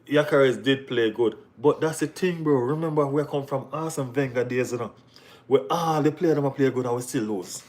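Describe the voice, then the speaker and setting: At a normal speed, a young man hosts a casual live football chat, frequently saying "you know what I mean" and leaping into high, excited exclamations.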